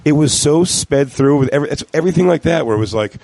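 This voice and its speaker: A man's voice: on the high side, expressive, fast talker, a little mellow, no echo. A man co-hosting a casual comedy podcast who riffs bluntly and swears freely. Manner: blunt, profane, riffing. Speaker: podcast co-host.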